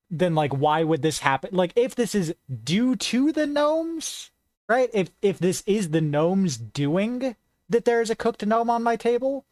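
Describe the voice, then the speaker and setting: A woman's voice: on the low side, no room sound. A young woman chatting casually as a host, rambling through a playful argument with lots of fillers and a constant "right?". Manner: rambling, filler-heavy, keeps asking "right?"; playful, animated. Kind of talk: casual debate chat.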